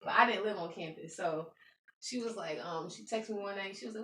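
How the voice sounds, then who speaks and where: A bright-voiced woman tells a rambling story on a casual podcast, acting out what people said. She sits away from the mic in an echoey room with a faint hiss behind her. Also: mid-range voice, brisk, distant mic. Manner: animated, laughing storyteller who acts out quoted lines. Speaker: podcast co-host.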